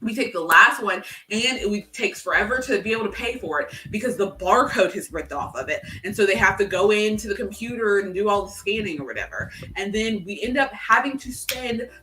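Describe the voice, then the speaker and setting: A woman's voice: mid-range voice, brisk, hardly any pauses. A young adult woman co-hosting a casual chat, telling rambling stories full of fillers. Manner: animated rambling storyteller, many fillers. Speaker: co-host. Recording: roomy, distant from the mic.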